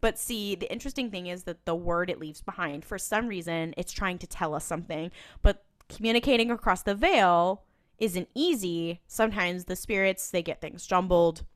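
A woman's voice: on the low side, moderate pace, no room sound, clean studio sound. A woman co-hosting a podcast, recapping a TV episode in casual chat, quoting lines and laughing often. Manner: animated, laughing, quoting characters in lively bursts. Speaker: podcast co-host.

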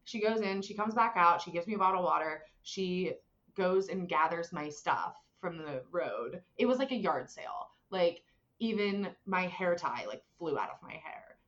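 Young woman, casual animated storyteller with lots of "like"s, slightly muffled recording. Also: fairly low pitch, normal speed. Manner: animated, many fillers, acts out voices in quotes. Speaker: guest telling a personal story.

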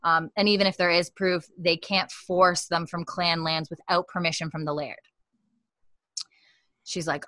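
A woman's voice: lowish voice, level tone, moderate pace, pushed and bright, no echo. A woman podcast host in casual chat, chatty and full of fillers, retelling a story and quoting the characters' lines. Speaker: podcast host recapping an episode.

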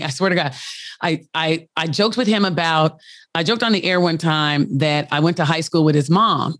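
A woman's voice: fairly low pitch, no echo, studio quality. A woman who hosts a radio show, chatting candidly about her marriage and telling stories with frequent laughter. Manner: candid, storytelling, laughs often. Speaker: radio host. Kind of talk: casual chat.

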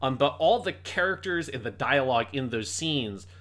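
Bright-voiced man in animated review chat. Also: medium pitch, moderate pace. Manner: animated, swears freely, acts out quotes. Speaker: podcast co-host. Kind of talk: casual review discussion.

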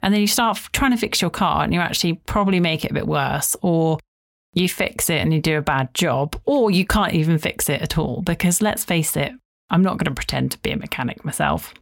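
Woman, solo podcast host, slightly low voice, chatty and rambling, quick acted-out asides. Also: gravelly.

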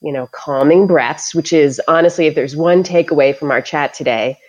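A middle-aged woman with a notably low voice talks through a personal story in casual podcast chat. She is animated and laughs often, mixing self-deprecating asides into her account of work. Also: normal speed. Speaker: school librarian and mindfulness teacher.

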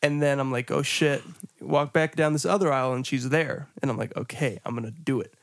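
A man's voice: medium pitch, fast, dry recording, clean studio sound. A man on a podcast telling an embarrassing story in casual, profane chat, breaking into laughter and acting out what he said. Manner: profane, laughing storyteller who acts out his own lines. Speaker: podcast co-host.

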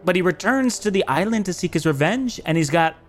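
A man's voice: high voice, fairly quick. A young adult man co-hosting a podcast, chatting casually and jokingly about a film. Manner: animated, jokey, recapping plot. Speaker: podcast co-host.

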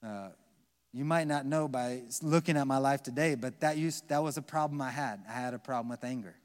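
A man with an American accent preaching a live sermon as pastor, swinging between soft, slow passages and loud, emphatic ones. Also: medium pitch. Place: large church hall with long reverb. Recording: live church recording with long hall reverb.

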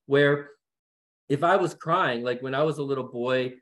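A man's voice: medium pitch, moderate pace, a bit bright. A middle-aged man speaking as a guest in a panel discussion, earnest and emphatic in a conversational way.

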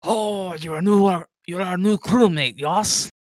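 Man playing a booming orc ship cook, higher and louder than his own voice, pushy and friendly, broken phrasing, dry room. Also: a little slow, no echo. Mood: hearty. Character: big grumpy-looking but hearty male orc cook.

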